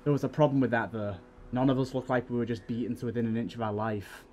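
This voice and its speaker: A man voicing a steady, fatherly older male soldier who reassures a younger comrade, in a read-aloud game story. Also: mid-range voice, quick pace, a little hiss or hum, natural voice. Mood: reassuring.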